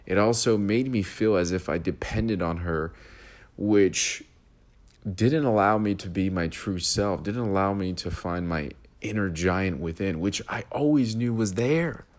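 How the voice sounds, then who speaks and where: A man with a very low, deep voice hosts a solo podcast. He talks through his thoughts in a reflective way, speaking his mind and keeping a steady rhythm to his speech. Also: a little slow. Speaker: podcast host.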